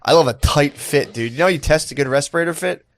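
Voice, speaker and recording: A man's voice: a little high, fast, dry recording. A man co-hosting a casual comedy podcast, laid-back and laughing often, saying "dude" a lot. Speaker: podcast co-host.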